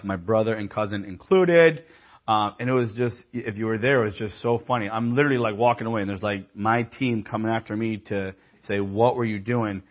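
A man's voice: mid-range voice, lo-fi sound. A man preaching a sermon in a casual, conversational way, mixing scripture with humorous personal stories.

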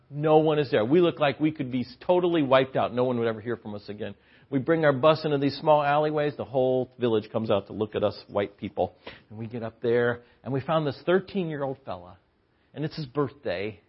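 A man preaching a sermon in a church hall, his voice high for a man and a little husky. He tells stories with lively emphasis that swings loud and soft. The recording is dull and lo-fi. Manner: animated storytelling, swings between loud emphasis and low asides. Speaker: Bible teacher.

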